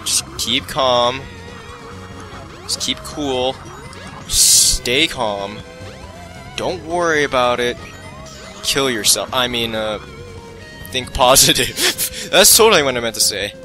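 Slowly and with long pauses, a man narrates his gameplay live, chatting to himself and excitedly poking fun at his own blunders. His pitch is medium, music plays behind him, and the recording is rough.

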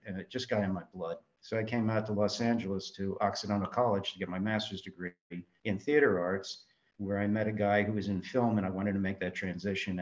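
A man from New York, a filmmaker, telling lively anecdotes in an interview and acting out the voices he quotes. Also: on the low side. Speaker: guest filmmaker. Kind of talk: storytelling interview answers. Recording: dull lo-fi audio.

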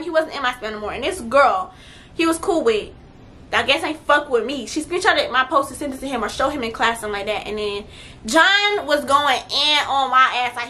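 Young girl vlogging, high bright voice, blunt n cussing a lot, gets loud. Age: young adult. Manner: blunt, profane and animated, swings loud. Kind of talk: casual storytime vlog.

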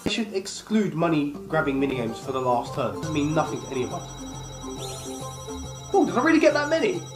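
A man gives frustrated, expletive-laden commentary as he plays a party video game. His voice swings widely up and down, and loud game music plays under him. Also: on the high side, very animated, fairly quick, roomy sound. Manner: frustrated, swears constantly. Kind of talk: casual gaming commentary. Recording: game music playing loudly behind.

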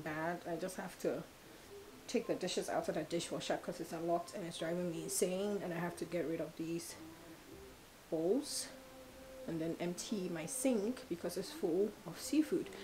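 A woman's voice: lowish voice, normal speed, darkish tone, poor audio. Chatty giggly young woman vlogging at home. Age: 20s. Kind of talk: casual vlog chat. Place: home kitchen.

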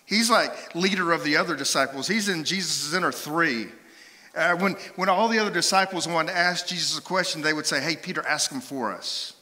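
A man preaching a sermon as pastor, playful and lively with his congregation. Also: on the high side, brisk. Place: church sanctuary. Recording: hall reverb in a church sanctuary.

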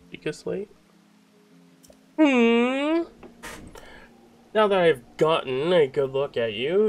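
A man's voice: on the high side, pitched above the performer's own voice. A man putting on a grand old fish-folk king. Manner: grand, theatrical line reading. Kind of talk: reading game dialogue aloud.

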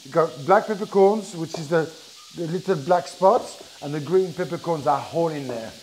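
A middle-aged French-accented chef talks his viewers through a live cooking demo, chatty and full of restarts. His voice sits a little high. A soft sizzle from the pan and a light hiss run underneath. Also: moderate pace, poor audio. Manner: chatty, explains step by step with many restarts. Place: kitchen with food sizzling. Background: frying sizzle.

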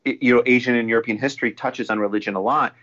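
A man talking as a podcast guest in a casual, rambling way, restarting often and getting animated when he quotes people. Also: mid-range voice, very fast. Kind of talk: casual storytelling. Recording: dull lo-fi audio.

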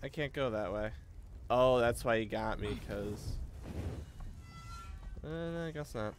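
Excitable young man with a lively voice. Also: medium pitch, takes it slowly, soft background music. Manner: excitable, swears, breaks into loud outbursts. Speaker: video game streamer. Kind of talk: casual gameplay commentary.

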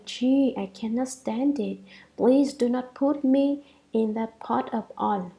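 Gravelly-voiced woman reading a sutra commentary. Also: mid-range voice, warm tone, low-quality recording. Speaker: reader of a Buddhist sutra commentary.

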